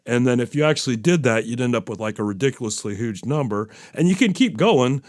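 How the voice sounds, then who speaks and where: A man's voice: medium pitch, lively intonation, a little fast, no room sound, studio quality. A man hosting a podcast, talking in a casual, rambling way with plenty of fillers and self-deprecating asides. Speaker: podcast host. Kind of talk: casual solo podcast chat.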